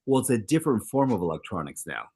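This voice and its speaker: A man's voice: quick pace, husky. A middle-aged man co-hosting a casual talk show, telling stories and acting out the quoted lines. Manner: animated storyteller, acts out quoted exchanges with big pitch jumps. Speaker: co-host.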